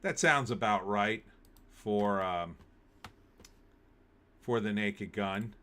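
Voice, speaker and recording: Guy doing solo show commentary, bright sharp voice, chatty, opinionated, lots of ums. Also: lowish voice, slow pace. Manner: chatty and opinionated, thinks aloud with fillers. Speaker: show host. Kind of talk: casual solo commentary reading live chat.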